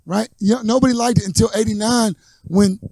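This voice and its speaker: Animated high-voiced man telling stories. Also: brisk, creaky, dry recording. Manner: animated storyteller, acts out quotes. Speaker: podcast host. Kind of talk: casual chat.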